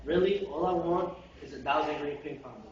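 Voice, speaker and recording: A man's voice: on the high side, normal speed, slight background noise, close to an everyday voice. A young man voicing an earnest, secretive son who pleads with his father, in a dull, echoey recording made far from the mic. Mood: pleading. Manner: pleading, evasive. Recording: roomy, distant, dull lo-fi amateur video.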